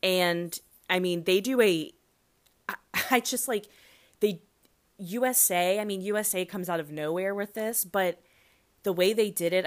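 A woman in her thirties hosting a solo podcast in a casual, rambling way, full of fillers and self-corrections, with sudden loud excited bursts. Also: lowish voice. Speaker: podcast host.

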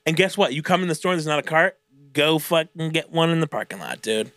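A man's voice: fairly high pitch, fast, no room sound. A young man co-hosting a podcast, telling retail stories in a casual, swearing style and acting out customers. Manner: animated storytelling, swears a lot, acts out customers. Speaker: podcast co-host. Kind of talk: casual chat.

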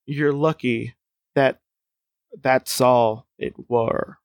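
A man voicing a huge, menacing caretaker in a low, slow, pirate-like growl, reading from a gamebook. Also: steady tone, no room sound. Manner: low, slow, gruff delivery.

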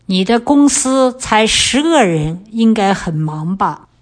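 A middle-aged woman, a guest on a language lesson, reading example sentences in a calm, measured way. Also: mid-range voice. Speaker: guest, the host's mother.

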